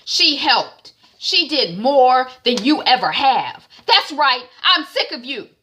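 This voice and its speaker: A woman voicing Benny, an angry young man who is defensive toward his sister, shouting in a high voice. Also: animated, a little slow, a little hiss or hum, heavily acted. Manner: shouting, exasperated.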